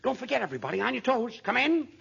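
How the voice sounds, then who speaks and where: A man's voice: very high-pitched, sing-song, racing, gravelly, very noisy. A man playing the flustered straight man in a 1940s radio comedy. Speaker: comedian co-host. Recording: muffled old radio broadcast with audience.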